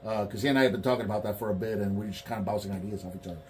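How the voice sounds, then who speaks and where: A man's voice: on the low side, racing, a little hiss or hum. A man in casual chat about toy collecting, telling stories and acting out quotes. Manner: animated storyteller, acts out quotes.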